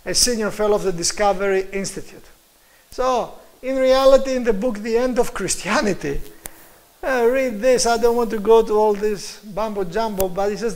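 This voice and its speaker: A high-pitched man lectures with a Greek accent. He speaks emphatically and turns to his listeners directly as he makes his points. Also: moderate pace, a little mellow, low-quality recording. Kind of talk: apologetics lecture.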